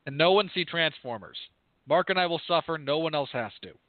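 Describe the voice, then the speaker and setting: Man, podcast co-host, rambling and candid, slightly high voice, phone-like sound. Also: animated, brisk, no room sound. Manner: rambling, candid, self-correcting. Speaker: podcast co-host and film reviewer. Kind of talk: casual review chat. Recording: tinny phone-like line, dry.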